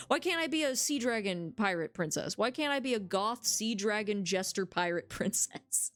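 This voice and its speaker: Excitable swearing woman streamer. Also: fairly high pitch, moderate pace, dry recording. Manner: excitable, swears freely, reads all game dialogue aloud. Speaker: game streamer. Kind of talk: casual let's-play commentary.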